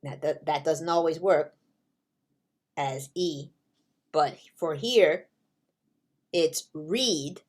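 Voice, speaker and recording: Very slow, patient woman teaching English. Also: low-pitched, darkish tone. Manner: drawn-out, carefully spaced delivery with examples.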